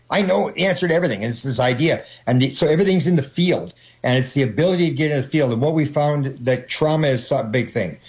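Rambling man with many restarts, lo-fi audio. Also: medium pitch. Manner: rambling, many restarts, acts out quoted voices. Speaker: interview guest. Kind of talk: casual rambling talk.

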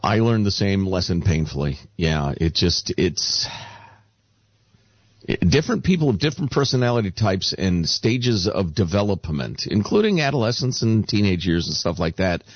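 Wry, husky lower-voiced male radio host. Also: moderate pace, no echo, lo-fi sound. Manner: wry, joking, very expressive pitch. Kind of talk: casual talk show chat.

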